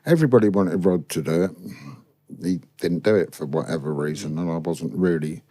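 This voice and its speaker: An older man speaks with a lowish, mellow voice, spinning anecdotes in a relaxed studio interview. The sound is dry and close on the microphone. He slips into other people's voices as he tells his stories. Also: fairly quick, dry recording. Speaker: guest musician. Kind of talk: casual storytelling interview.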